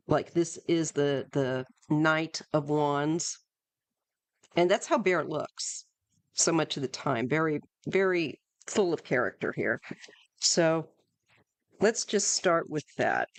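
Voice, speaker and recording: A woman reading tarot cards live, chatting her way through with plenty of asides and "um"s. She talks slowly and unhurriedly. Her voice sits close and dry, with no room sound around it. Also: low-pitched, no echo. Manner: chatty, rambling, with frequent fillers and asides. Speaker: tarot reader. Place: home in Northern California.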